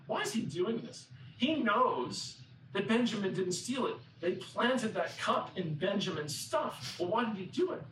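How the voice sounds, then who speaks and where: A man's voice: sits high, expressive, unhurried, fairly bright tone, roomy sound, recorded from a distance, slight background noise, poor audio. A man preaching a sermon, telling a story conversationally and acting out what the people in it say. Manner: conversational storytelling, acts out quoted characters.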